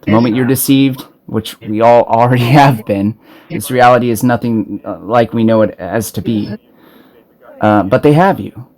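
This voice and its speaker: This self-made video preacher from Arizona speaks at a moderate pace in a medium pitch with a darkish tone, filming on his smartphone. His monologue is an urgent, profane spiritual warning, delivered with impassioned intensity and frequent stumbles and restarts.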